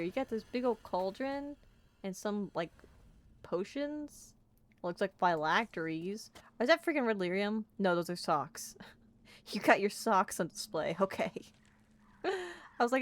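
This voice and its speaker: A woman's voice: medium pitch, very animated, a little slow. Bubbly woman doing game commentary. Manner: bubbly, jokey, talks to game characters. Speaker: let's play streamer. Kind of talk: playful gaming commentary.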